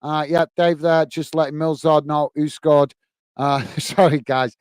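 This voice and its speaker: A British man with a fairly high, smooth, clear voice runs live fan commentary on a football match. He talks straight to his viewers, calls everyone "mate", and speaks bluntly. The sound is dry and close, with no room around it. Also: fairly even intonation, unhurried, darkish tone, no echo. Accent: British English. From England. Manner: calls "mate" often, blunt and chatty, gets openly irritated.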